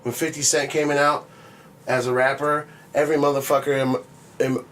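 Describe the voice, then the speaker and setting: A man's voice: fairly high pitch, flat delivery, a little fast, a bit bright. A man co-hosting a podcast, talking loosely and swearing a lot, with "you know what I mean" in nearly every line. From grew up on a reservation. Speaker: podcast co-host. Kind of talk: casual chat.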